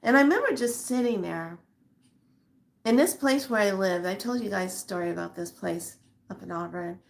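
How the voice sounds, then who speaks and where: A middle-aged woman vlogger telling a personal story to her viewers in an animated, emotional way. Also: medium pitch, normal speed, vocal fry. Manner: emotional, animated retelling with acted quotes. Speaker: spiritual vlogger.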